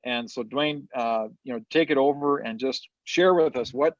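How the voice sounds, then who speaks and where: A man's voice: mid-range voice, moderate pace, dry recording, lo-fi sound. A man on a livestream introducing his brother, stammering and repeating words. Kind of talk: casual livestream chat. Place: car dealership.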